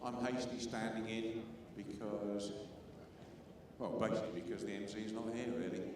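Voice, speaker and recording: A man's voice: on the low side, flat delivery, moderate pace. A man standing in as announcer at an event, chatting casually with a dry, teasing manner. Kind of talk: casual banter. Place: large indoor sports arena. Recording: echoey hall from far off, with noise.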